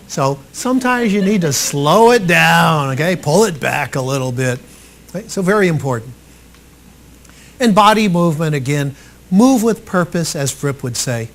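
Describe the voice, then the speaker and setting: A man coaching trainees on public speaking in a live workshop talk, animated and expressive, swinging between loud and soft for emphasis. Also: on the high side. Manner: animated and expressive, acts out quotes.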